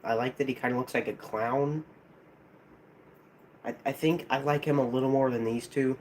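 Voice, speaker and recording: A man with a lisp, chatting casually on a live stream, hesitant and halting, with frequent restarts. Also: mid-range voice, fairly even intonation, a little hiss or hum. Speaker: streamer ranking plush toys.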